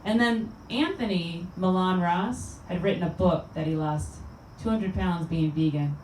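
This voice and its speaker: A woman's voice: lowish voice, a little slow, a little mellow, a little hiss or hum. A woman comedian doing a stand-up set in a small venue, with a chatty, rambling delivery full of fillers. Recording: roomy sound from a distant mic.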